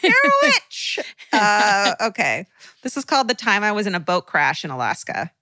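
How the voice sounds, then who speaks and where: A woman co-hosts a podcast in casual chat, animated and exclamatory. Her voice is bright and forceful and moves widely in pitch. The mic is close and dry. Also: normal speed, no room sound. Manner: animated and exclamatory, reacts loudly. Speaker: podcast co-host. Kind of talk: casual chat, reading a listener letter aloud.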